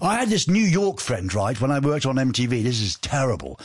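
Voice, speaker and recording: A man's voice: medium pitch, sing-song, fairly quick, slightly rough, no room sound, clean studio sound. A man hosting a radio show in a chatty, rambling, jokey way, reading out listener messages. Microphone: studio microphone.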